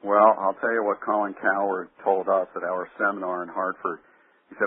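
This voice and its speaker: A man's voice: sits low, little pitch movement, normal speed, breathy edge. A man who coaches radio talk hosts, giving punchy, emphatic advice in short lines during an interview. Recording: phone-line sound.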